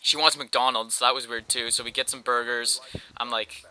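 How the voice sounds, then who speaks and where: A man's voice: mid-range voice, fairly even intonation, moderate pace, bright, forceful tone, rough recording. A young man from Canada tells a long rambling story over gameplay, full of slang and "like". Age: young adult. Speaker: gameplay commentator.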